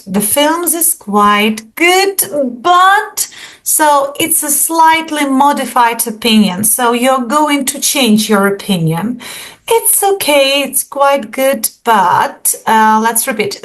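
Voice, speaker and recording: A woman teaching an online English lesson, explaining slowly and deliberately, with many pauses, over an online call microphone. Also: high voice, animated, a bit bright.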